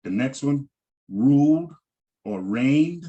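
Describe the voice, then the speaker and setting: A man's voice: medium pitch, unhurried, darkish tone, lo-fi sound. A man teaching a Hebrew vocabulary lesson, patiently repeating each word with frequent ums and restarts.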